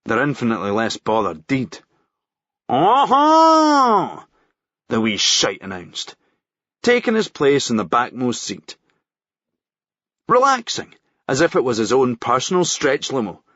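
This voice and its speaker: Man narrating with a lively voice. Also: medium pitch, dry recording. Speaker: audiobook reader. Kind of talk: audiobook narration. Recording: dry, muffled lo-fi recording.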